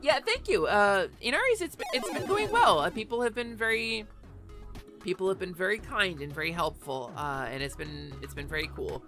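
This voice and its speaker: A woman streaming a game live from her home office, chatting in an animated way and swearing freely. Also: medium pitch, normal speed, over music. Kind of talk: casual live gaming stream chat.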